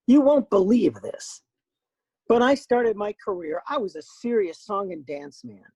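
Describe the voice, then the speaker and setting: An older man, a voice actor, telling stories in a lively, self-deprecating way as an interview guest. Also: high voice, a little slow, breathy edge, no echo, low-quality recording. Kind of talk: casual interview chat.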